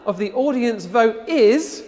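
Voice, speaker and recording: A man's voice: extremely high pitch, expressive, slow, darkish tone, in a large hall. A man hosting a live online event, upbeat and chatty with frequent fillers. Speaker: host.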